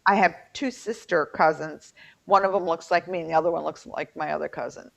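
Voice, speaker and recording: A woman's voice: sits low, fairly quick, creaky. A woman co-hosting a podcast, chatting casually and telling stories with many fillers. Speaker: podcast co-host. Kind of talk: casual chat. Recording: dull lo-fi recording.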